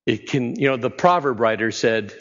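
A man's voice: medium pitch, lively intonation, normal speed, a bit bright, long reverb tail, dull audio. A man preaching a sermon in a conversational way, often putting questions to his listeners. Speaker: pastor.

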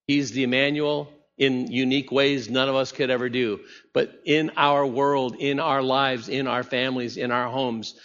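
A male pastor delivers a conversational sermon and keeps asking his listeners questions. His voice carries a long reverb from the church around him. The recording sounds slightly muffled. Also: medium pitch. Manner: conversational preaching with rhetorical questions.

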